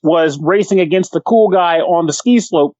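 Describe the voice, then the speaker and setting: A man's voice: high-pitched, normal speed, no room sound. Male co-host, loose profane storyteller, voices the people in his stories; dull, dry mic. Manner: animated storyteller, swears freely, acts out the people he quotes. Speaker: podcast co-host. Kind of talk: casual chat.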